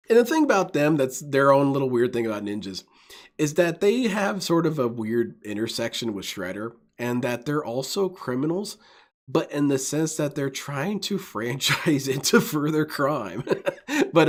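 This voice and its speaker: A man giving enthusiastic, rambling let's-play commentary, often laughing. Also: medium pitch. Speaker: gaming video host.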